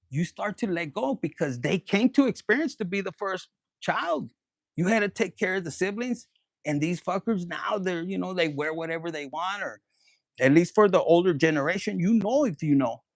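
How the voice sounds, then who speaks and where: A man's voice: high-pitched, no echo, studio quality. A man giving a collective tarot reading in a streetwise, profane, preachy way, slipping into Spanish phrases. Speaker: tarot reader.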